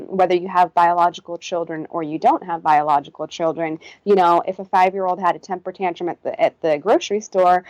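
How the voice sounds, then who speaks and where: Soft-spoken woman therapist, lowish voice. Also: no room sound, poor audio. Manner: gentle, reflective, soothing when modelling self-talk. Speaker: therapist guest. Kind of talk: podcast interview.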